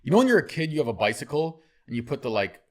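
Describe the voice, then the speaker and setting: A man hosting a casual podcast chat, with a lively, joking storytelling manner. He curses freely and slips into quick acted voices when quoting people. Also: medium pitch. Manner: animated, jokey, swears, acts out quoted voices. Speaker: podcast host.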